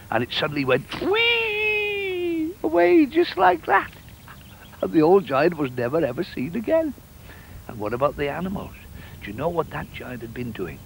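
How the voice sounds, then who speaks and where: An older man telling a children's story in an animated, playful way, with sound effects. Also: a little high, creaky, slight background noise, low-quality recording.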